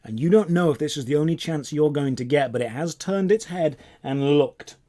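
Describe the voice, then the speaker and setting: A man running a tabletop game as game master, narrating scenes in a descriptive, drawn-out way. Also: on the high side, mellow.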